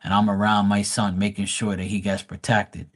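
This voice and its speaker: A man's voice: on the low side, completely flat delivery, moderate pace, lightly acted. A man voicing an angry dead husband, cursing and contemptuous. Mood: bitter. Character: furious dead husband, bitter and protective of son.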